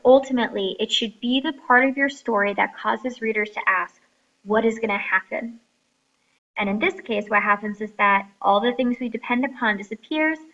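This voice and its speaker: Woman teacher explaining, slightly high voice. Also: moderate pace, fairly bright tone, lo-fi sound. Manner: explains step by step, reads passages aloud. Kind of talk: classroom lesson on story writing.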